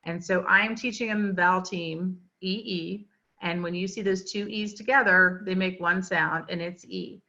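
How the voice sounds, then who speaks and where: A woman's voice: lowish voice, steady tone, moderate pace, bright, forceful tone. A woman teaching literacy in a webinar lecture, chatty and explanatory, with frequent fillers. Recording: dull lo-fi webinar audio.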